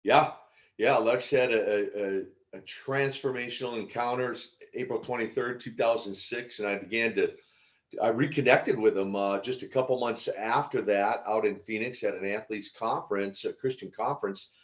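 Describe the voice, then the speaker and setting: Older man telling lively stories, lo-fi. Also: on the low side, moderate pace. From United States. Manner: animated storyteller, frequent laughs and restarts. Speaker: podcast guest, former pro wrestler. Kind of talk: casual storytelling interview. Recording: dull lo-fi audio.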